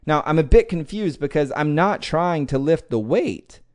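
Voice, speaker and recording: A man hosting a podcast, telling a motivational personal story in a lively, conversational way with casual swearing. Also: a little high, normal speed. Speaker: podcast host.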